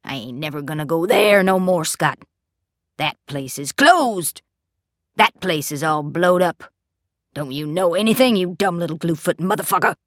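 A volatile, menacing father, dark and unhinged, swinging from slow, eerie murmurs to bellowing rage, as a woman narrator puts him on. The sound is dry and close, with no room around it. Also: low voice, expressive, dry recording, full character voice. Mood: snarling.

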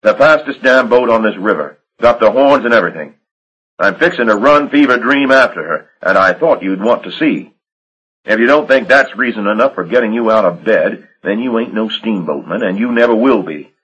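A man voicing a hot-tempered, blunt riverboat captain who talks loud and gruff. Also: on the low side, expressive, moderate pace, dull audio, pitched above the performer's own voice. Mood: indignant. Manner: gruff, blunt, raises his voice.

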